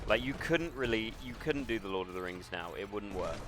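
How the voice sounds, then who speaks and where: A man with a lowish, expressive voice speaks a little fast while streaming a shooter game against a noisy background. His casual chat rambles and muses, broken up by muttering at the game, with game music and gunfire audible.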